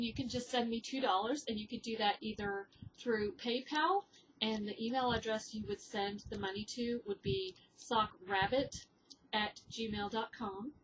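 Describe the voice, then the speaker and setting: A woman's voice: fairly high pitch, lively intonation, moderate pace, slight background noise, rough recording. Chatty woman podcast host. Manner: chatty, with frequent ums and uhs. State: teary, grieving. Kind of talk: casual chat.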